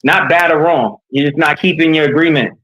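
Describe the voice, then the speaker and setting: A man's voice: a little high, fairly quick, slightly rough, highs cut off. Earnest man from New York coaching. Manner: earnest, animated storytelling. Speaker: leadership coach. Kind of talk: candid conversational interview.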